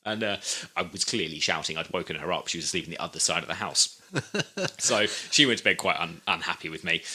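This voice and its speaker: A man's voice: deep voice, a little fast, pushed and bright, breathy edge. A young man co-hosting a podcast, telling a funny story with lots of laughing and casual swearing. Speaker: podcast co-host. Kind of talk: casual chat.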